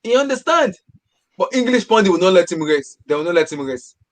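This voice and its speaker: A man's voice: high voice, big pitch swings, fairly quick. A man co-hosting a casual football podcast, emphatic and repeating his points for stress.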